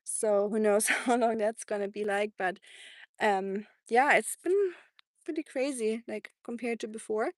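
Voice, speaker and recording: Woman, German accent, fairly high voice, casual live-stream chat, laughs a lot, dry close sound. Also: measured pace, no echo. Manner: chatty, laughs often, coos to her dog. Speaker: livestreaming vlogger. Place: outdoors by water on a sunny walk.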